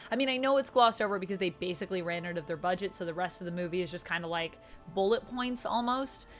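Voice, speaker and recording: Talking fast in a lowish voice, a woman gives her thoughts in a book review vlog, casual and enthusiastic, leaning heavily on "like" as a filler. Faint music can be heard behind her.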